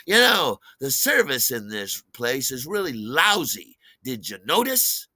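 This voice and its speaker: A man voicing a drunk, belligerent male restaurant customer who makes loud, impatient, sneering complaints. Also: mid-range voice, huge pitch swings, a little slow, no room sound, full character voice.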